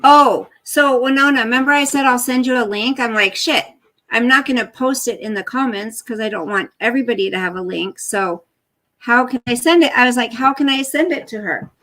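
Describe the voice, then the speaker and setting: A woman's voice: on the high side, brisk, rough recording. Chatty older woman streaming live. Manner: chatty, rambling, talks to her dog in soft baby talk. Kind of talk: casual live stream chat.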